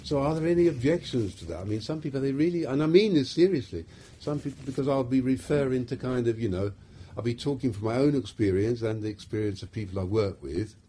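A man's voice: medium pitch, fast, few pauses, dark tone, slight background noise. A middle-aged man with a London accent, a psychiatrist giving an informal, self-deprecating talk to a small group, full of fillers and restarts. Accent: London English.

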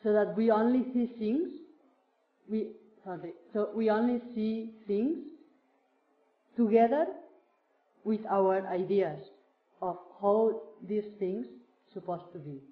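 Slow, searching woman in a roomy space. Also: medium pitch. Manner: slow, searching, many fillers like "like". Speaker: speaker sharing a teacher's words with a group. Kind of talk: reflective spiritual talk. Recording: roomy, dull lo-fi sound.

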